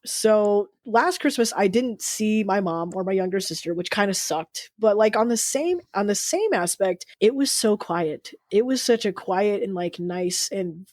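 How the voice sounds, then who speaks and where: A woman co-hosts a casual podcast, speaking earnestly and wandering through her thoughts with plenty of "like" and "kinda." Her voice sits in a middle pitch, recorded close and dry with no room sound. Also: animated, measured pace, hardly any pauses, a little mellow, no echo. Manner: rambling and earnest, with many fillers and restarts. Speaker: podcast co-host. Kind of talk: casual heartfelt chat.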